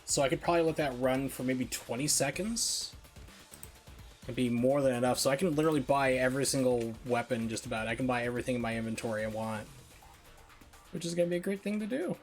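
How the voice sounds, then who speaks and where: A man's voice: mid-range voice, fast. A man streaming a video game live, talking casually through his play with lots of "like" fillers and wry asides. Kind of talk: casual live gameplay commentary. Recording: game music behind voice. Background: game music and sound effects.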